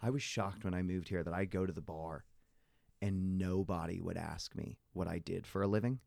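A man chatting casually, telling animated stories with many fillers. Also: low-pitched, normal speed, gravelly, no room sound, studio quality. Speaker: guest. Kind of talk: casual conversation.

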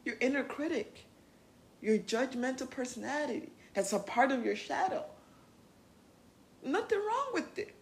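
A woman's voice: sits high, lively intonation, measured pace, pauses often. A woman hosting a podcast, giving casual self-help talk in a blunt, profane and playful way. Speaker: podcast host.

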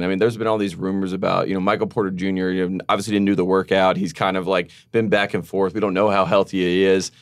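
A man talking fast and with firm opinions as a guest on a casual sports podcast. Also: on the low side, dry recording, studio quality.

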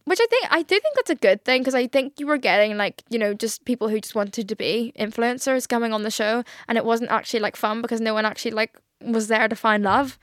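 Young Irish woman, podcast host, bright-ish pitch, casual gushing chat, dead-dry booth sound. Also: fairly quick, few pauses, no echo. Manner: chatty and gushing, many "like" fillers.

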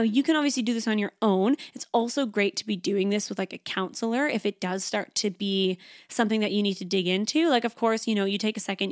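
A woman's voice: medium pitch, no room sound, studio quality. A woman hosting a self-help podcast, talking casually and reassuringly, with lots of "like" fillers. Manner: chatty, frequent "like" fillers; encouraging, reassuring. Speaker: podcast host.

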